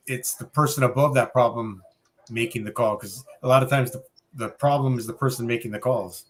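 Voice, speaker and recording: A man's voice: mid-range voice, fairly even intonation, a little fast. A man on a live shop-talk panel, easygoing, telling stories and laughing. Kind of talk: casual shop talk livestream.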